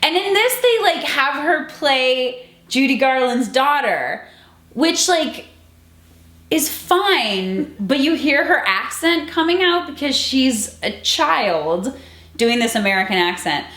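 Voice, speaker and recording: A young adult woman co-hosting a movie review show, talking casually, full of fillers and quick restarts. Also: sits high, sing-song, a bit bright. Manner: chatty, peppered with fillers and restarts. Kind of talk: casual chat. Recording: roomy echoey room.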